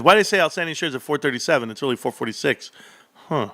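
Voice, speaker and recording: Male livestream host, fairly high-pitched, exclamatory and excitable, talks straight to viewers. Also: quick pace. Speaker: stock streamer.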